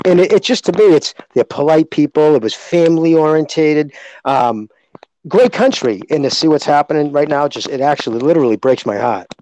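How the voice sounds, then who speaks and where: A man's voice: on the high side, animated, brisk, warm tone, low-quality recording. A man from Boston with a Boston accent, chatting eagerly on a podcast, calling others brother and dude. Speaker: podcast co-host. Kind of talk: casual podcast chat.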